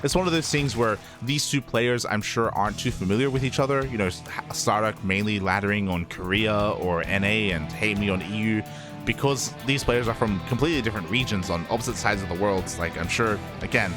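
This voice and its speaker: Low-voiced male esports caster. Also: fairly quick, over music. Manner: chatty, laughs often, many fillers. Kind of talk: live game commentary.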